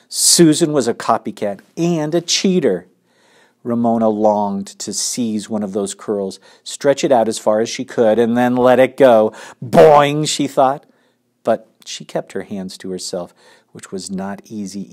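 A man reading a children's chapter book aloud, expressive, and stopping to ask his young listeners questions. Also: on the low side. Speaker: storybook reader.

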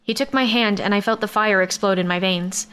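A woman narrating a science-fiction romance audiobook in first person, in a medium-pitched voice. Her reading is steady and even, carrying the action without fuss. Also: a little fast, clean tone.

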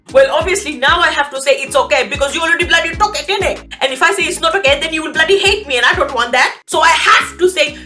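High bright ranting woman. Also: quick pace, hardly any pauses, soft background music. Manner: ranting, exasperated, swears often. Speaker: comedy youtuber. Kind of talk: comedic monologue.

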